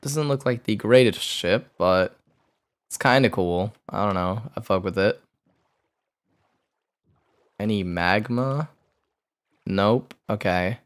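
A man streaming a game live, talking to himself in an excitable way, repeating phrases and swearing as he plays. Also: fairly low pitch, slow pace, long pauses, clean tone. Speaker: gaming streamer. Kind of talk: live gameplay commentary.

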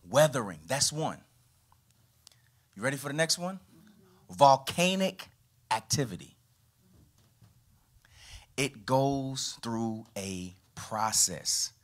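A man, a pastor preaching a lively sermon to his congregation, his voice rising and falling from loud to quiet. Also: takes it slowly, long pauses. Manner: animated preaching with sweeping pitch and volume. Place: church.

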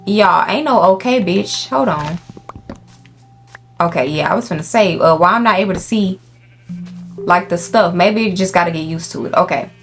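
A woman's voice: lowish voice, normal speed, gravelly, pauses often. A young woman giving casual, profane let's-play commentary, talking to the game animals and her viewers. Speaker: gaming YouTuber. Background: faint game music.

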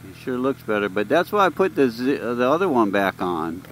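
A man's voice: medium pitch, sing-song, brisk, rough recording. A man talking casually while he rides his motorcycle, rambling through stories for his vlog on a helmet mic. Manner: rambling, chatty storytelling. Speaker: motovlogger. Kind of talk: casual ride commentary. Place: outdoors on a moving motorcycle. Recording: wind and road noise.

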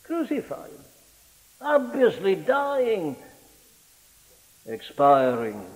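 A man preaching a sermon in an impassioned, rhetorical way, his pitch sweeping up on key words. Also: huge pitch swings, very slow, a little mellow, in a large hall, rough recording.

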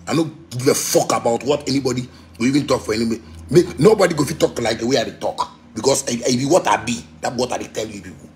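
A musician with a Ghanaian Pidgin English accent rants at his fans over a phone livestream, blunt and defiant, repeating himself and swearing freely. His voice sits in the mid range, with a little hiss or hum on the audio.

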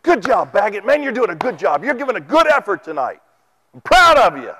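A preacher puts on a loud, hard-driving dock boss who barks at his crew like a coach. The voice jumps high and sharp, urging the men to move faster. It is delivered into a church microphone. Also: expressive, no echo. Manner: shouting, urging. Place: church sanctuary. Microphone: handheld or stand microphone.

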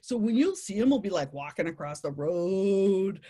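A woman telling a playful nature story to families, animated and laughing often. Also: medium pitch, moderate pace, slightly rough.

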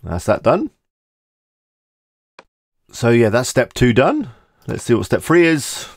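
A man hosting a screen-recorded software tutorial, talking casually and thinking aloud as he clicks through each step. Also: medium pitch, sing-song, slow pace, no room sound. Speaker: tutorial host.

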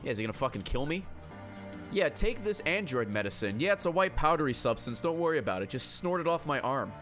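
A man's voice: fairly high pitch, very animated, quick pace, fairly bright tone, soft background music. A man streaming a game, joking around and swearing while he reads game text aloud. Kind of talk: casual gameplay commentary.

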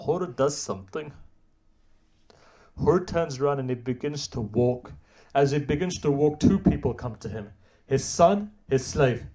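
A man's voice: medium pitch, lively intonation, unhurried, mellow. A man delivering a Muharram sermon, retelling a story with rising and falling emotional intensity. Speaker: religious speaker.

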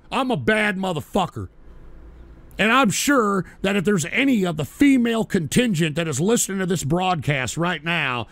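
An older man hosting a crude radio talk show, boasting and swearing, often breaking into loud shouting. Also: high-pitched, vocal fry, no room sound.

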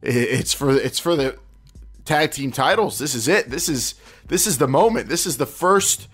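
A man's voice: medium pitch, lively intonation, moderate pace, a bit bright, slightly rough, faint music behind. A man with an ordinary mid-range voice hosts a casual podcast. He rambles, backtracks mid-sentence and laughs at his own asides. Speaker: podcast host. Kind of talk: casual chat.

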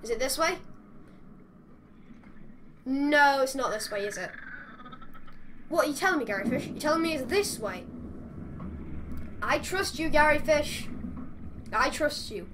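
There's background noise as a high-voiced woman talks at normal speed, animated but leaving long pauses. This gamer comments on her play with chatty exasperation, speaking to the creatures on screen.

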